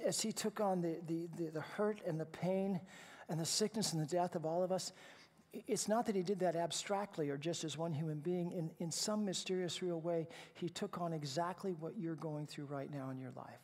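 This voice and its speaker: High-voiced male pastor in a reverberant hall. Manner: conversational, with repeated false starts; swings from hushed to loud and emphatic. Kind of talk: sermon. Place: church sanctuary.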